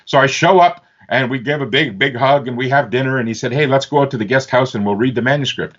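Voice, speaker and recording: A man from Northern Ontario, Canada, telling stories as an interview guest, animated and fond of doing lively voices for the people in them. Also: medium pitch, quick pace, hardly any pauses. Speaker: interview guest, author and speaker. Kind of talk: animated storytelling. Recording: slightly dull lo-fi sound.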